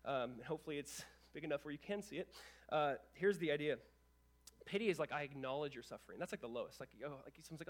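Preaching to his own church, a young male pastor talks quickly and with plenty of animation, slipping in offhand comments to the congregation. His voice is fairly high for a man, and the sermon keeps a brisk, lively pace from start to finish.

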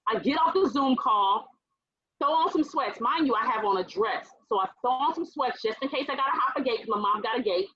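A woman with a high, bright voice tells a story on a radio talk show, acting out each person's lines as she goes. The audio sounds a bit dull and lo-fi. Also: a little fast, husky, no room sound. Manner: animated, acts out quoted voices, laughs while telling. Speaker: guest.

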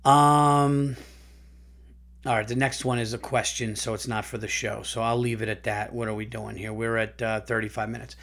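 A man hosting a podcast, reading a listener's story aloud and reacting in casual, profane, animated chat. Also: mid-range voice, normal speed.

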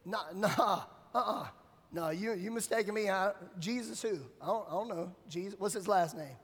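A preacher doing a stammering, flustered Peter. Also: male voice, high voice, moderate pace, fairly bright tone, husky, long reverb tail, exaggerated voice. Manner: stammering, casual slang.

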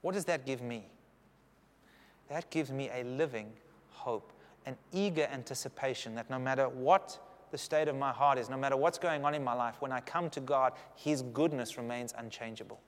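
Pastor, animated and joking, preaching in a reverberant hall. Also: male voice, mid-range voice, moderate pace. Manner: humorous, animated preaching with audience asides. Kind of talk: sermon. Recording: long reverb of a big hall.

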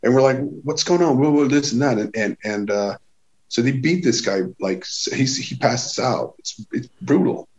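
A man from Sweden telling a tour story in casual chat, animated and swearing, acting out what people said. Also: medium pitch, normal speed, muffled recording. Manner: animated, swearing, acts out quotes with raised voice. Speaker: touring musician telling a story.

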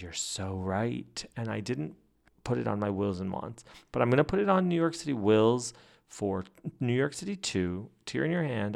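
A man hosting a fan podcast, telling stories and chatting in a gossipy, animated way that breaks into laughs. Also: medium pitch, creaky. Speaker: podcast host. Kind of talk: casual chat.

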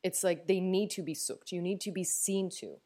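A woman from Newfoundland with a Newfoundland accent talks through a personal podcast episode in a fairly low voice. She is candid and chatty, laughing often and circling back to restart her sentences. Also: moderate pace, dark tone. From Newfoundland, Canada. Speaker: podcast host. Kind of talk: reflective personal podcast talk.

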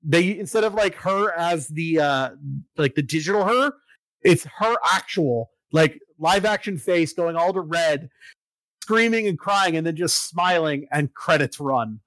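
Excitable man recapping a game. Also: a little high, measured pace, dry recording, low-quality recording. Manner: excitable, swears, lots of fillers. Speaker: podcast co-host recapping a video game. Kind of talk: casual chat.

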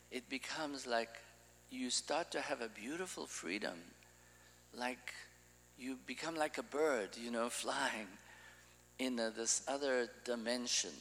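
A man gives a slow, unhurried sermon, teaching in a loose and conversational way. He often circles back and restarts his sentences. His voice rings out with a long reverb, as if in a large hall. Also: mid-range voice, fairly bright tone. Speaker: preacher.

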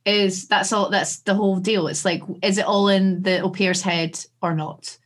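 A woman from Scotland co-hosting a podcast in casual chat, animated and sweary with quick asides. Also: mid-range voice. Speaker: podcast co-host.

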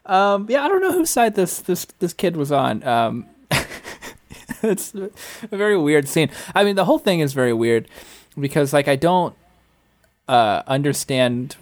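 Dry-humored man on a movie podcast. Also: medium pitch. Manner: dry, laughing, agreeable. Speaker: podcast co-host. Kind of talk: casual movie recap chat.

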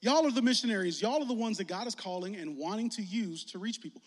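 High-voiced youth pastor in a reverberant hall. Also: male voice, fast talker, few pauses. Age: 40s. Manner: lively, joking, rising to shouts. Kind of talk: energetic youth sermon.

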